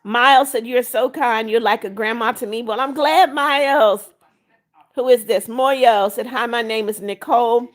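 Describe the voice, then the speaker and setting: On a live stream, an older woman with a fairly high voice reads out viewers' comments at a normal pace, greeting everyone by name. When someone breaks her rules, she becomes firm and scolds them.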